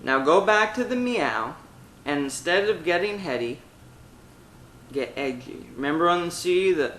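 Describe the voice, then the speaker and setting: A man's voice: fairly high pitch, expressive, a little slow, echoey room, slight background noise, poor audio. A man teaching a vocal technique lesson, talking through exercises step by step. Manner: demonstrates exercises with loud sung vowels and meows. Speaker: singing teacher.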